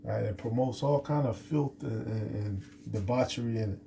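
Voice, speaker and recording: A man's voice: mid-range voice, normal speed, gravelly, dark tone, slight background noise. A man giving an unscripted scripture lesson, rambling with many restarts and fillers. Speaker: scripture teacher.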